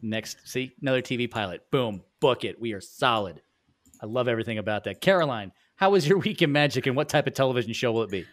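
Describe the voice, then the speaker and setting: A man's voice: mid-range voice, animated, fast. A man hosting a podcast in casual chat, joking and teasing his co-hosts. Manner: playful, jokey. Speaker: podcast host.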